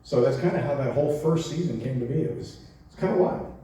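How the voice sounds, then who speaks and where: A man in his forties, an actor on a convention panel, answers fan questions at a quick pace in a medium-pitched voice. He tells stories animatedly, acting out quotes and laughing often, and the recording comes from far off in a large, echoey convention hall with faint noise.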